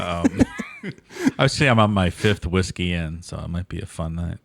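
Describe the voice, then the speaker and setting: A man's voice: sits low, moderate pace, vocal fry, fairly bright tone. A man co-hosting a podcast in casual chat, playful and swearing, often throwing in mock voices. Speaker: podcast co-host.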